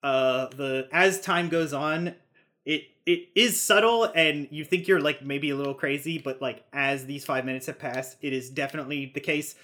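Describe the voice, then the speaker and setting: A man's voice: a little high, moderate pace, sharp tone. Laid-back male game master. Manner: casual, loose narration full of fillers and chuckles. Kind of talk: narrating a tabletop game.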